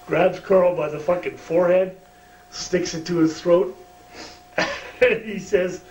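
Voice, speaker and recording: A man's voice: high-pitched, slow pace, pauses often, darkish tone. A man, a former wrestler, telling a backstage story in a shoot interview, profane and chuckling. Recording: roomy distant mic, faint hum.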